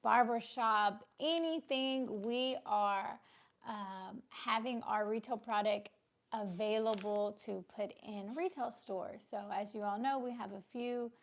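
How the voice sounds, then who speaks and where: A woman, casually co-hosting a business livestream, brisk and teasing, with a sore throat. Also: on the high side, vocal fry.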